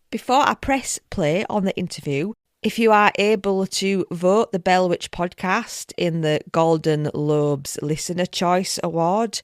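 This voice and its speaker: A woman's voice: fairly low pitch, dry recording, clean studio sound. A woman with a Yorkshire accent hosting a podcast, talking in an effusive, chatty way. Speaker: podcast host. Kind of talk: casual chat and interview.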